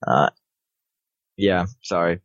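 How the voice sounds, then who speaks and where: Low-voiced young man, dull dry sound. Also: slow, a bit bright, no echo. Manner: stumbling, hesitant reading. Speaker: podcast co-host. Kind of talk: casual chat, reading listener emails.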